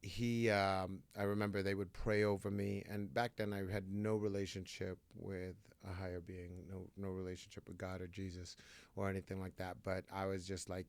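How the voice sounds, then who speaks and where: A man's voice: deep voice, flat delivery, normal speed, clean tone, no room sound. A man hosting a podcast, telling his own story bluntly with plenty of swearing. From New Jersey. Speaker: podcast host. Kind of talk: candid recovery podcast talk.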